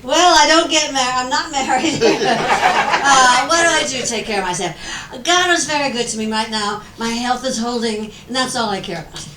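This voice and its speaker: A woman doing comic stage banter as a guest entertainer, joking bawdily with lively asides. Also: fairly high pitch, moderate pace. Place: large club banquet room with audience. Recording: echoey room, far off, loud crowd and noise.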